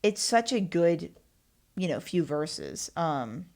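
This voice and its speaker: A woman's voice: on the low side, sing-song, slow, a little mellow. A woman hosting her own podcast, rambling and self-mocking in casual solo chat. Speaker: podcast host.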